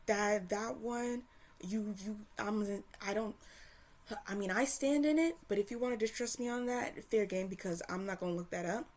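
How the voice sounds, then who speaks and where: Woman commentator, casual rant, angry and swearing, stop-start delivery, mid pitch. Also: moderate pace, a little mellow. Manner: heated, profane, with frequent restarts. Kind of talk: casual opinion rant to camera.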